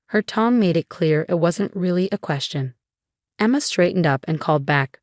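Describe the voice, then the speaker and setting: A woman narrating a first-person story in an even, measured way. Her voice sits on the low side, recorded close and dry with no room sound. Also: no room sound.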